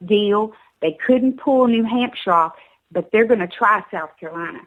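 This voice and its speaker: A woman's voice: mid-range voice, a bit bright, poor audio. A woman with a Southern US accent calling in to a talk show. She urges listeners emphatically and often stumbles and repeats her words.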